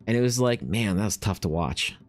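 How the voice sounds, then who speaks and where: A low-voiced man chats loosely while he paints, ranting and swearing as he goes. His voice sits deep, and faint music plays behind him. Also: a little fast. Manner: swearing, animated, rants. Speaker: artist streamer. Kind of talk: casual rambling chat while painting.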